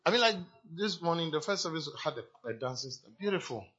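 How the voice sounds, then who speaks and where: A man preaching a sermon in a high, sharp voice with a husky edge. He drives his points home through repetition and direct exhortation. The recording sounds dull and lo-fi. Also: expressive, quick pace. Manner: emphatic preaching with repeated exhortations. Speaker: pastor.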